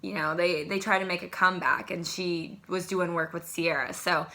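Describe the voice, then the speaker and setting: A young adult woman casually recapping a reality show to camera in an excitable, chatty way. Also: on the low side, moderate pace. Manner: chatty, excitable, animated asides. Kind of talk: casual chat.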